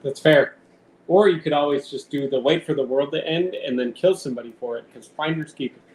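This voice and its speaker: A man's voice: fairly high pitch, fairly quick, a little mellow. A man live streaming from home in casual chat, teasing and talking to his cat. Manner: teasing, talks baby-talk to his cat. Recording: echoey room, faint background noise.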